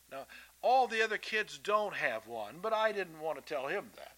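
A man delivers a sermon in a folksy, emphatic way, repeating himself as he makes his points. His voice sits a little high and sounds very bright and sharp. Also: sing-song, moderate pace, rough recording. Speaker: preacher. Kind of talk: sermon to children and adults.

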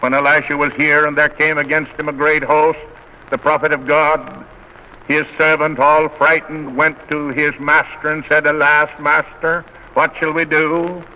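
A man's voice: fairly high pitch, little pitch movement, sharp tone, a little hiss or hum. Man preaching on old lo-fi radio. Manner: earnest, measured oratorical delivery. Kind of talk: sermon. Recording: dull lo-fi old radio recording.

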